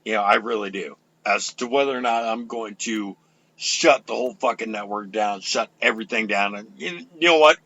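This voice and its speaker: Gravelly, fiery older radio ranter man. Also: fairly low pitch, moderate pace. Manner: loud, profane, fiery ranting. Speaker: radio show host. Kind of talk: ranting talk radio.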